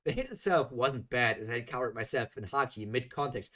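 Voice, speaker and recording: A man's voice: medium pitch, fairly quick. A man reading a fan story aloud on a live stream, breaking off into exasperated reactions. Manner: animated, exasperated asides.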